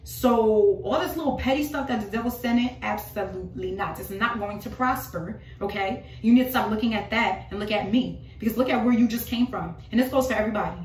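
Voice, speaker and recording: A woman's voice: medium pitch, brisk, far from the mic. A woman delivering an informal prophetic sermon, emphatic and repetitive, driving her points home with rhetorical questions. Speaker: preacher. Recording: roomy voice from off the mic.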